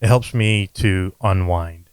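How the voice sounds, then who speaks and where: A man's voice: deep voice, slow pace, clean tone, no echo, low-quality recording. A man chatting earnestly on a podcast, encouraging and often restarting his words. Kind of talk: casual chat.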